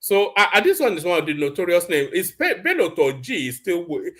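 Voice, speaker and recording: A man's voice: sits high, big pitch swings, brisk, fairly bright tone. A man hosting live political commentary, reading headlines aloud and giving his blunt opinion. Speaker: host.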